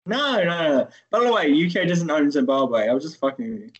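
A man's voice: a little high, big pitch swings, fairly quick, highs cut off. A man hosting a podcast, chatting casually and teasing, rambling with many restarts. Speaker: podcast host. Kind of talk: casual chat.

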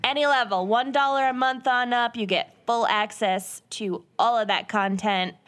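A woman's voice: on the high side, steady tone, normal speed, a bit bright. A woman co-hosting a casual podcast chat, making dry jokes and plugs. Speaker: podcast co-host.

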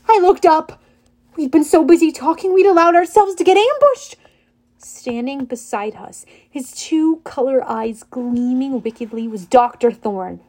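A woman narrating an audiobook in an expressive way. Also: high-pitched. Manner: expressive, voices characters.

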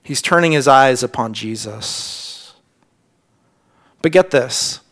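A man preaching a sermon as pastor, earnest, often repeating words as he stresses a point and sinking to a hush on key lines. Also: medium pitch, slow. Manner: drops to a hushed near-whisper on key lines.

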